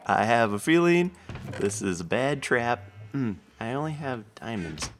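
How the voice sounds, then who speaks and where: A man hosting a relaxed gameplay session, talking through every move in a chatty, reactive way. He speaks at an unhurried pace with lively swings in pitch. His voice sits at a middle pitch for a man. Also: a little hiss or hum. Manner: chatty, reacts aloud with laughs and exclamations. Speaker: host, video game player. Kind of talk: casual gameplay commentary.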